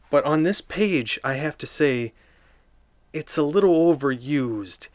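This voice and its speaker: A man doing a deadpan comedic review of a picture book, with dry, sardonic, rambling asides. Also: on the high side, unhurried, no echo.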